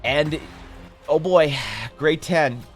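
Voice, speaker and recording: A man's voice: on the high side, drawn-out words. A young man on a live art stream, telling a rambling, self-mocking story with some casual swearing. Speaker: streamer and artist. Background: faint music.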